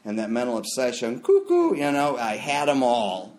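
Middle-aged man, recovery share, lively storyteller, loud bursts when quoting others. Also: mid-range voice, normal speed. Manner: animated storyteller, jumps into loud acted quotes. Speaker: recovery meeting speaker. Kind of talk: personal story shared at a meeting.

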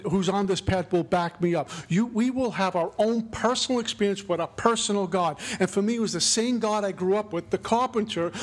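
A middle-aged man with a notably high voice gives a spiritual recovery talk. He speaks earnestly and reflectively. His phrasing has a preacherly lilt.

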